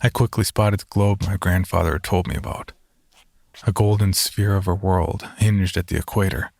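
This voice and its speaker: A man narrating a first-person horror story in a measured, scripted way. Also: low-pitched, fairly even intonation, vocal fry, darkish tone, dry recording, clean studio sound.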